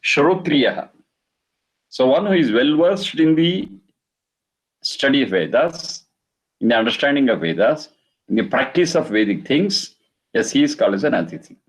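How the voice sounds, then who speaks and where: A man giving a religious lecture, reciting verses and explaining them slowly. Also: mid-range voice, sing-song, rough recording. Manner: slow, repeats Sanskrit phrases and explains them. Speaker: Vedic teacher.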